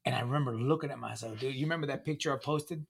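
Here the middle-aged guest rattles off his recovery story in a rapid-fire, mid-range voice that is gravelly with a breathy edge. It's a long, casual, profane telling, full of emphasis, restarts, fillers, and loops back.

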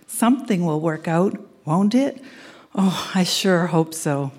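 A woman's voice: lowish voice, takes it slowly, a little mellow. A woman in her sixties from Canada reading her old love letters aloud on a live stage, teasing and laughing through them. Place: live event centre stage.

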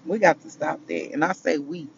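A man's voice: a little high, moderate pace, creaky. A man giving an emotional, preachy talk to his viewers, calling them baby and honey. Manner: preachy, affectionate, calls listeners baby and honey. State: emotional after a hard day. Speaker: vlogger. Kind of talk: casual spiritual talk to viewers. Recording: muffled with loud vehicle noise.

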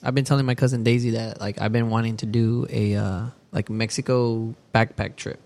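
Gravelly young man chatting laid-back. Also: lowish voice, level tone, brisk, a little mellow. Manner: laid-back, swears freely, laughs often, calls everyone bro. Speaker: podcast co-host. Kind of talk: casual chat. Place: Texas.

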